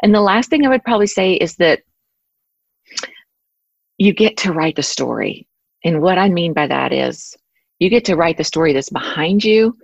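A woman's voice: on the low side, very animated, moderate pace, vocal fry, pauses often, dry recording, muffled recording. A woman speaking as a guest author in a casual interview, earnest and rambling, with frequent restarts.

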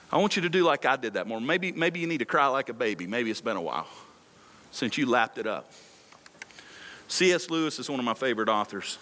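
A man's voice: mid-range voice, very animated, brisk, bright, forceful tone. A male pastor preaching a sermon on a microphone in a large church hall, with passionate delivery and lots of rhetorical repetition.

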